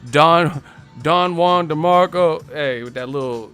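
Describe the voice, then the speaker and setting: Boastful stream host, man, higher pitch, goofs around with rhymes, faint music underneath. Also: slow pace, fairly bright tone. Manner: playful, boastful, laughing at his own rhymes. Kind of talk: casual live stream chat, freestyle rapping.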